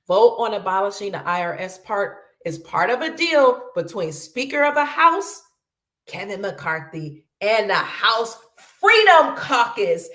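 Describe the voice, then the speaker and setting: A woman's voice: medium pitch, bright, forceful tone, echoey room. Chatty woman host calling viewers family. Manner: chatty, calls viewers family, reads lists aloud. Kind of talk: casual news commentary.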